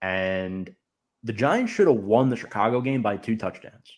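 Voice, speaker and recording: A man's voice: fairly low pitch, animated, measured pace. A man hosting a casual podcast, reading out viewer comments and giving firm opinions. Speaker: podcast host.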